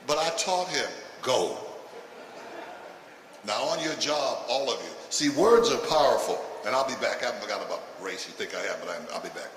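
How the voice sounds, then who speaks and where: Chuckling comedian in an echoey hall. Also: male voice, medium pitch, lively intonation, quick pace, hardly any pauses, fairly bright tone, far from the mic. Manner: punchy, chuckles through his lines, jabs at the crowd. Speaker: stand-up comedian. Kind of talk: stand-up routine to a live audience. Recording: echoey hall with audience noise.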